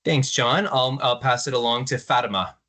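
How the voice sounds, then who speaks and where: Upbeat male school administrator, bright tone, virtual meeting host. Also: mid-range voice, steady tone, normal speed. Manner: upbeat, with fillers. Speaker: assistant superintendent. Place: video call.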